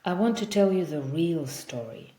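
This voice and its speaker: A woman voicing a sad, gentle male vampire, centuries old, who speaks in a soft, measured, wistful way. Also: fairly low pitch, lively intonation, pitched above the performer's own voice, close to an everyday voice. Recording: roomy echo.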